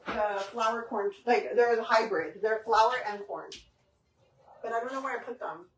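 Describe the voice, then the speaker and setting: A woman's voice: on the high side, a little slow, a little hiss or hum, rough recording. Chatty woman hosting a cooking stream. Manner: chatty, talks to viewers, drops Spanish words. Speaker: cooking livestream host. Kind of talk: casual live cooking stream. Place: home kitchen.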